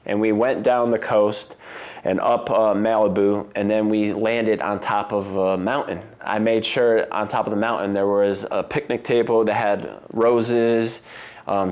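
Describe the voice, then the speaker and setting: Low-voiced man telling stories casually. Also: fairly even intonation, measured pace, darkish tone. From United States. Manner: rambling, heavy use of "like" and "um", laughs often, mimics voices in quotes. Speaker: interview guest, Olympic swimmer. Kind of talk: casual storytelling interview.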